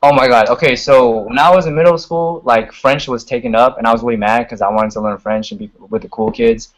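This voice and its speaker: A man's voice: medium pitch, fairly even intonation, a little fast, rough recording. A young man chatting casually as a guest on a video call, full of "like" and "you know", swearing freely. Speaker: guest singer and rapper.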